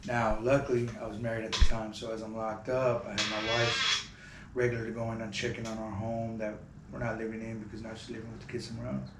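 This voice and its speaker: A man casually telling a story to camera in a relaxed, slangy way. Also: fairly low pitch, quick pace, very noisy. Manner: relaxed, slangy, talks to viewers directly. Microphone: camera mic. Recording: roomy echo.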